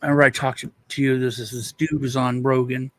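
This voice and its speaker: A man's voice: medium pitch, level tone, fast talker, no room sound. A male co-host rambling through a casual chat, retelling stories with restarts and quoted voices.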